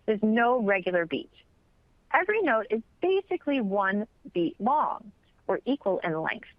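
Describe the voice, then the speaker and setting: A woman teaching chant in an instructional webinar, explaining patiently and clearly. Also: mid-range voice, very animated, moderate pace, no echo, lo-fi sound. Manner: clear, patient explaining, sings brief examples.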